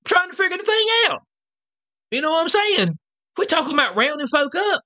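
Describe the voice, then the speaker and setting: This man's vlog rant is delivered in an extremely high pitch with big swings, brisk, pushed, and bright. Casual and loaded with slang, it's peppered with rhetorical asides and repeated "you know what I'm saying" check-ins to viewers.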